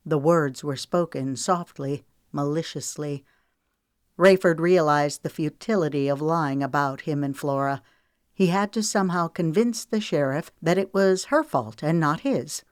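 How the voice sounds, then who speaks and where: Low-voiced woman reading a novel. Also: a little slow, a little mellow, no echo, clean studio sound. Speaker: author reading her novel. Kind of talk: audiobook narration.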